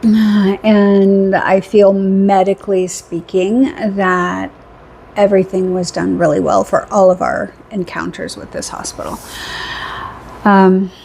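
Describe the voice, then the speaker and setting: A woman's voice: mid-range voice, flat delivery, slow, vocal fry, darkish tone, a little hiss or hum. A middle-aged woman telling a rambling story in a casual vlog, chatty, laughing often and repeating phrases for emphasis. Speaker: vlogger.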